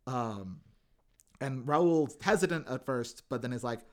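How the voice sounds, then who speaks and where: Male podcast co-host, casual recapper, animated storyteller who voices quotes. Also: medium pitch, measured pace. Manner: animated retelling, acts out quotes in funny voices. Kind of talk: casual chat.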